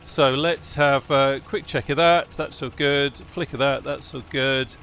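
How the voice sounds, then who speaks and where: A man's voice: mid-range voice, steady tone, a little slow. A man streaming a flight sim, talking himself through cockpit checks and joking at his own mistakes while chatting with viewers. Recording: loud helicopter engine noise behind voice.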